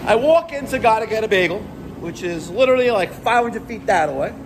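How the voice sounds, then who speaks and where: A middle-aged man, a plumbing business owner ranting to the camera in an animated, profane, exasperated way. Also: high voice, brisk, background noise. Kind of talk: rant vlog to camera.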